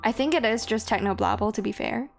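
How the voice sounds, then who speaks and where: A young woman with a somewhat high voice reads a game's story text aloud on a live stream, then breaks off to chat. She talks loosely, full of "like" and restarts, and soft game music plays under her voice. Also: fast, gravelly. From Hong Kong. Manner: chatty, with frequent fillers and self-corrections. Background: faint game music and keyboard typing.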